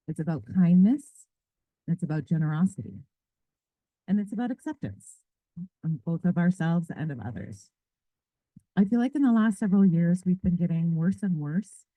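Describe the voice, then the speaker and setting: A woman's voice: fairly low pitch, dry recording. Woman, librarian, earnest persuasive speech, stacks up short phrases, dry close sound. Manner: earnest, building long lists of short phrases. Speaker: librarian defending a book in a debate. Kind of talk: prepared persuasive speech to a live audience. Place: public library event. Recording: thin, phone-like dry audio.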